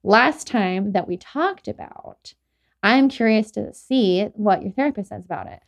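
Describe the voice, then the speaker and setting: A woman's voice: mid-range voice, lively intonation, unhurried, vocal fry. A young adult woman hosting a podcast, telling stories in a rambling, casual way full of "like" and restarts. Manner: rambling, filler-heavy storytelling with frequent "like". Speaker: podcast host. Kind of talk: casual chat.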